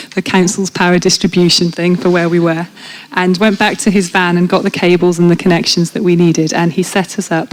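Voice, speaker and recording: A woman's voice: on the low side, a little hiss or hum, rough recording. A woman, speaking frankly and chattily, with many fillers, as she gives a faith testimony in an interview. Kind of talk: casual conversational testimony. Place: church event.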